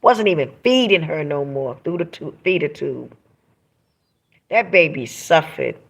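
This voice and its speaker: A woman's voice: low-pitched, expressive, measured pace, breathy edge. Emphatic preachy woman livestreaming. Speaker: livestream host reading viewer comments. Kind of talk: emotional livestream monologue.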